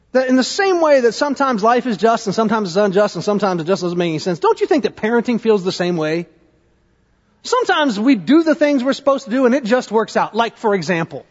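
A man in his thirties, a pastor, preaching a conversational sermon in a church with lively questions to the congregation. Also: high-pitched. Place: church sanctuary. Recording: dull, lo-fi sound with long hall reverb.

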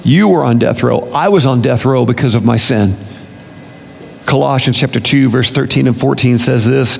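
A man's voice: medium pitch, normal speed, gravelly, slight background noise. A man preaching a casual, conversational sermon, full of rhetorical questions and self-corrections. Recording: long reverb of a large hall.

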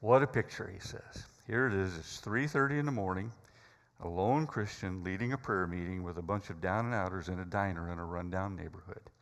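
A man's voice: low voice, brisk, a bit bright, in a large hall. A man preaching a sermon, telling a story dramatically with hesitant fillers.

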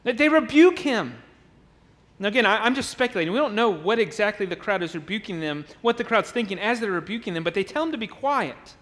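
A man delivers a sermon from the pulpit of a church sanctuary, and his voice sits unusually high for a man. He pushes his points with emphasis and repeated words, sometimes acting out the voices of a crowd. Long reverb from the hall trails behind him. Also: animated, fast, pushed and bright. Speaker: pastor.

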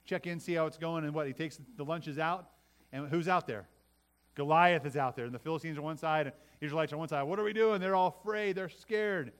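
Fairly high-voiced man preaching. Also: a little fast, clear, resonant tone. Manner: repeats words, varies loudness for emphasis, talks to the congregation. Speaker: pastor. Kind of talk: sermon.

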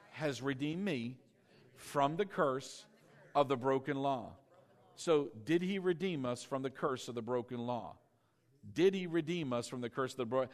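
Slowing down for emphasis and throwing out rhetorical questions, a male pastor with a slightly high voice preaches while the congregation answers him in call-and-response.

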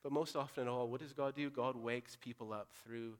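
A pastor preaching an earnest, direct sermon, moving between loud urging and quiet, pressing appeal. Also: male voice, medium pitch, steady tone, a little fast.

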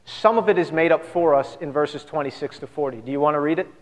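Man, pastor, sermon, earnest conversational preaching, rhetorical questions, slightly high voice, long church reverb. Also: fast talker. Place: church sanctuary.

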